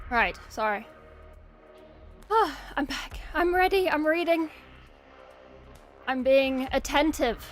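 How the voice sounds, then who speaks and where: A woman's voice: medium pitch, a bit bright. A woman game streamer chatting casually and rambling to her viewers, swearing freely and thanking followers. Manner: talks to chat, thanks followers. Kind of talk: casual live-stream chat.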